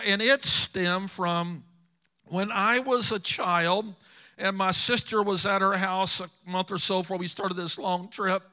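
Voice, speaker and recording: A man's voice: high voice, sharp tone, smooth. A middle-aged man preaching a sermon, telling personal stories earnestly to his congregation. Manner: storytelling, earnest, addresses congregation.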